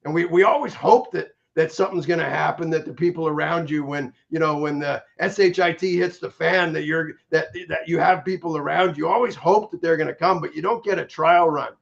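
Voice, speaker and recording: Middle-aged guy, gravelly fry in a pretty high voice, energetic and keeps restarting his words, kinda muffled audio. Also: brisk, hardly any pauses. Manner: energetic, repeats words when starting sentences. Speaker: guest, stroke survivor. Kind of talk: candid interview talk. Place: in Los Angeles area.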